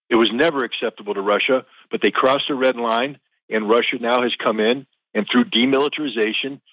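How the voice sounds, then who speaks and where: A man's voice: mid-range voice, no echo. A man speaking as a guest military analyst, emphatic and blunt, stressing his points by repeating them. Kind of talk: interview answer. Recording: tinny phone-line audio.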